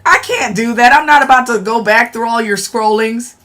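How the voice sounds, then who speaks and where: Hosting a casual livestream despite a sore throat, a woman speaks at normal speed in a fairly high, bright, forceful voice. She addresses her chat directly as y'all, bluntly and with plenty of profanity.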